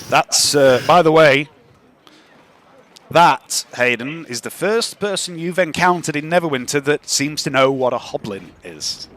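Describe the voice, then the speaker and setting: A man's voice: fairly high pitch, lively intonation, takes it slowly, pauses often, fairly bright tone. Man running a tabletop game. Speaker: game master.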